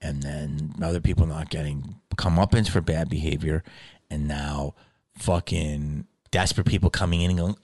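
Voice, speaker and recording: A man rants with heavy profanity and agitation, and he often sinks into a low, muttering register when he turns bitter. His voice is very deep, and the recording is dry and close with no room around it. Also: fairly even intonation, measured pace, a little mellow, no room sound. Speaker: actor venting to camera. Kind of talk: angry profane rant.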